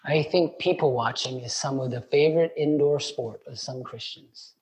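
A man's voice: mid-range voice, moderate pace, darkish tone, low-quality recording. A man preaching a sermon, talking in a chatty way, acting out the voices of people in the story and putting questions to his listeners. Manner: conversational, acts out quoted voices, asks the congregation questions.

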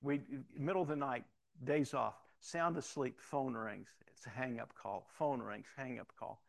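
Preacher cop guy telling stories, lively, acts out the voices, stumbles a bit on starts. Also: medium pitch, measured pace, vocal fry. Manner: animated storyteller, acts out quoted dialogue, repeats words when starting. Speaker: pastor and police officer. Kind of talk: storytelling testimony.

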